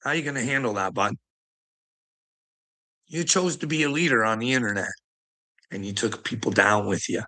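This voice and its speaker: A man's voice: mid-range voice, moderate pace, long pauses, pushed and bright. A middle-aged man in a swearing, ranting monologue who taunts his listener as "bud" and keeps breaking into laughter. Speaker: vlogger.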